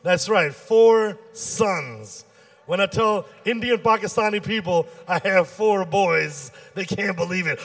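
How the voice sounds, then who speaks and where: Animated high-voiced man doing stand-up. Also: slow pace. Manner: animated storytelling, acting out dialogue with shifts in pitch. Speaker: stand-up comedian and emcee. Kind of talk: stand-up comedy set.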